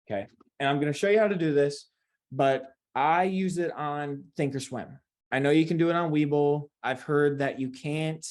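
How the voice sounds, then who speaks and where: A man walks viewers through a trading lesson over a screen share. His voice sits at a medium pitch, and he talks in a loose, conversational way, repeating himself as he goes. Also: darkish tone. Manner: conversational and repetitive, addresses viewers directly. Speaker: trading instructor.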